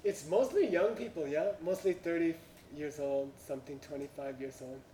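His voice is on the high side yet dark in tone, moving at a moderate pace as he tells an anecdote to an audience in non-native English. He chuckles through punchlines and keeps saying "you know" and "uh"; the audio is roomy, distant, and carries a little hiss or hum.

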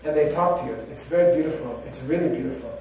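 A man's voice: on the high side, fast, a little mellow, slight background noise. A man, a monk, giving a casual spiritual talk full of personal stories, rambling and conversational with many "you know"s. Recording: very echoey room, mic far off.

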